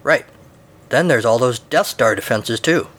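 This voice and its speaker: A man's voice: mid-range voice, lively intonation, unhurried, a bit bright. A man voicing a snide, teasing male rat with a mustache.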